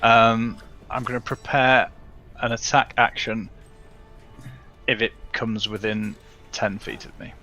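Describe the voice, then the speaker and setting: A man's voice: medium pitch, fairly even intonation, takes it slowly, pauses often, sharp tone, soft background music. A man playing a tabletop game, thinking aloud with fillers and frequent chuckles. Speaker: player. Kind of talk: casual tabletop play chat.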